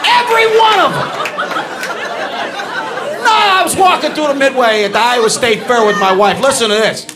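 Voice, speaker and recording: A man doing a stand-up comedy routine on a club stage, ranting, shouting punchlines and bantering with the crowd. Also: very high voice, normal speed, long pauses, very noisy. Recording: live club with loud audience laughter. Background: crowd laughing.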